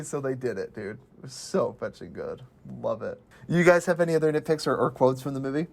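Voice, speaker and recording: Excitable young man gushing about a film. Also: a little high, quick pace, vocal fry. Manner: excitable, animated, lots of fillers and swearing. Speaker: movie review podcast host. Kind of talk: casual movie chat.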